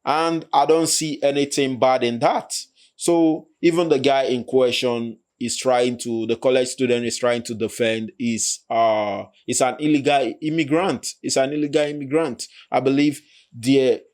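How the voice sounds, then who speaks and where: A man hosting a channel, giving his measured opinion in reaction commentary. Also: mid-range voice, steady tone, a little mellow.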